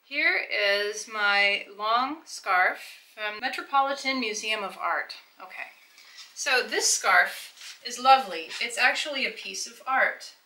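A woman's voice: on the high side, slow pace, bright, forceful tone, rough recording. A middle-aged woman hosting a casual try-on vlog, chatting enthusiastically as she explains and shows things to the viewer. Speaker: fashion vlogger.

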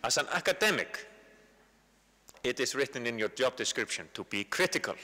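Bright-voiced Icelandic man lecturing. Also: medium pitch, animated, normal speed. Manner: conversational, repeats words while finding phrasing. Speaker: guest lecturer. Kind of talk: public university lecture. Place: large university lecture hall. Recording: long hall reverb.

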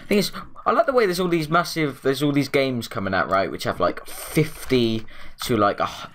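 A man giving chatty let's play commentary, rambling and excitable, with frequent exclamations. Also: mid-range voice, normal speed, a little hiss or hum. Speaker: gaming YouTuber.

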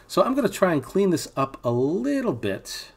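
A man's voice: sits high, sing-song, normal speed, gravelly, breathy edge. A man teaching animation in a screen-recorded tutorial, thinking aloud as he works, with casual asides to his students. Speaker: animation instructor.

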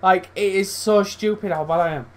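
A young man commentating his own football video game, swearing, swinging between loud outbursts and low muttering. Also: normal speed. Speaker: gaming YouTuber. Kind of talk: live gameplay commentary.

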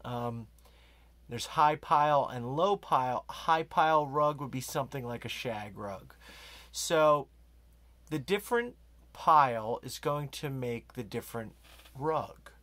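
A man doing a deadpan comedy monologue as an over-earnest self-proclaimed rug expert, slipping into savoring, hushed breathy asides. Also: medium pitch, takes it slowly, no room sound. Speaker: comic rug expert character.

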